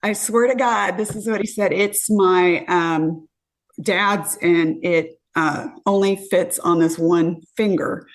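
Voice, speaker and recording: A podcast guest in her fifties animatedly recounts dating stories, acting out what people said. Her voice is lowish and her pace slow.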